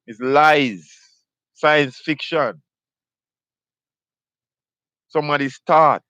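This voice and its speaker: A man's voice: medium pitch, fairly bright tone, clear, resonant tone, dry recording. A man preaches to his live video audience. He talks emphatically, repeats himself and keeps firing off rhetorical questions. The sound is dull and lo-fi, with a dry, close feel. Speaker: host of a live video ministry. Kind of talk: preaching monologue.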